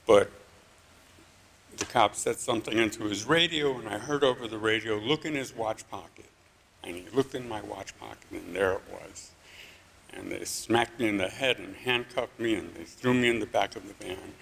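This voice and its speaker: A man with a low, gravelly voice tells a story at a live story slam. His delivery is dry and understated, with a deadpan humor. A faint hum of the event sits behind him. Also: moderate pace.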